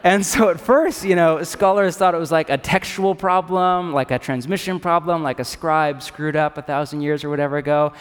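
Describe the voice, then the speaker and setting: A pastor preaching a sermon in an animated, casual, joking way. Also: male voice, a little high, normal speed, few pauses, clear, resonant tone, in a large hall. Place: church in a city.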